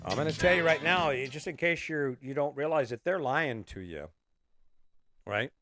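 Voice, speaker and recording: A man's voice: a little high, expressive, normal speed, over music. A middle-aged man, hosting a casual motivational monologue in a blunt, fired-up way and swearing freely. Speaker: podcast host.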